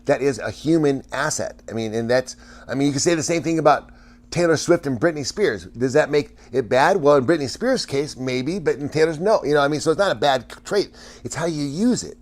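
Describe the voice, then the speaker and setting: A man's voice: fairly high pitch, expressive, fairly quick. A man hosting a casual livestream, chatting with viewers in a rambling way, often stammering, restarting and laughing.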